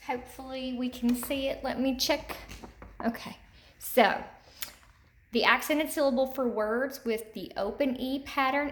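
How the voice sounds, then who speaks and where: A woman teaching a recorded lesson to third graders. Her voice sits a little high, and she speaks clearly and patiently, saying each word twice so young children can follow.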